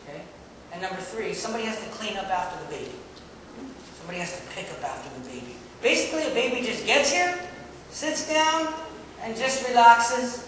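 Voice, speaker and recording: A man preaching a lively, joking sermon to his congregation, calling for responses. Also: extremely high pitch, brisk, background noise. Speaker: pastor. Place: church sanctuary. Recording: echoey hall, mic far off.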